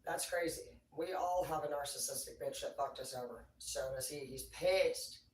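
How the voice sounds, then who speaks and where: An excitable livestreamer rants in a loose, profane ramble, swinging from quiet asides to loud bursts. The voice sits at a middling pitch and sounds distant from the mic. A roomy echo and faint background noise fill the space around it. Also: normal speed.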